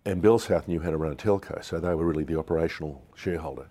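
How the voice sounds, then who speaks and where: Aussie guy in his 60s telling business stories, deep voice, bit husky. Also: rapid-fire, dark tone. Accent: Australian. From Australia. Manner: anecdotal, candid, acts out quotes. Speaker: business founder guest. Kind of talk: storytelling interview.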